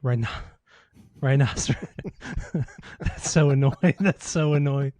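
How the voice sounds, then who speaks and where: A man's voice: medium pitch, slow, mellow, dry recording. A man co-hosting a podcast in casual chat, laughing often and stringing "like" fillers. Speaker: podcast co-host.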